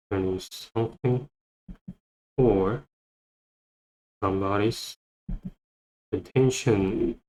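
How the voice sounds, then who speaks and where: Slow, low-voiced man teaching vocabulary. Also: mellow, rough recording. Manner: repeats words many times, thinking aloud. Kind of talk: slow, repetitive vocabulary lesson.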